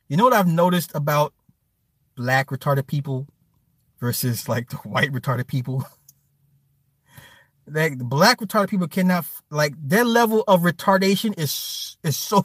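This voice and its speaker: A man with a high, bright, ringing voice rants to his viewers in a loose, crude, joking way, laughing as he talks. His pitch swings up and down. The sound is dry and close, with no room around it. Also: no echo. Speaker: streamer. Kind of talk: casual rant to viewers.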